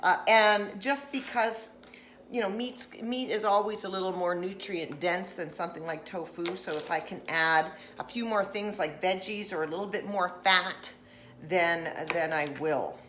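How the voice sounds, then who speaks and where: This woman's voice sits on the low side, bright and at normal speed, with slight background noise. A vlogger from Nova Scotia, Canada, she jokes and chats on a live stream while cooking in her home kitchen, now and then using goofy voices.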